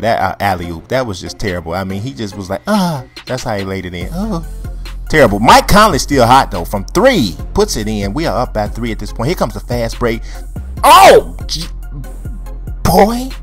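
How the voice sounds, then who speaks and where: Animated man calling a video game. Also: medium pitch. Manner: animated, joking, trash-talking the players. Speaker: gameplay commentator. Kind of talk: casual play-by-play commentary over a video game.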